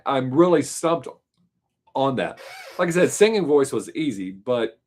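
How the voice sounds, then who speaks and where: A man hosts a casual live stream, musing and rambling while answering viewer questions. His voice sits at an ordinary middle pitch, and he jokes easily as he talks. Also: very animated, measured pace.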